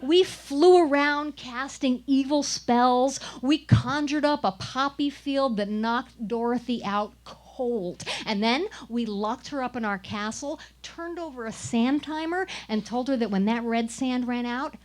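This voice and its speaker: A woman's voice: sits high, measured pace, hardly any pauses. Wry woman telling a comic story. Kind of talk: live storytelling performance. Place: small live venue.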